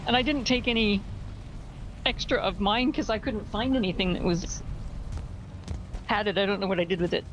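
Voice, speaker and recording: A woman's voice: medium pitch, normal speed, pauses often, slight background noise, rough recording. A woman, a fellow streamer, chatting casually with hesitant, giggly speech. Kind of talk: casual chat.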